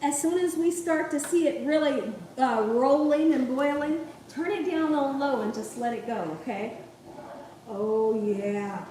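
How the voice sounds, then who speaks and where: Her voice is high-pitched yet dark in tone, and this young cooking channel host chats and laughs freely on her live stream, tacking "okay?" onto each step. She's well away from the mic in a very echoey home kitchen, with faint cooking sounds behind her.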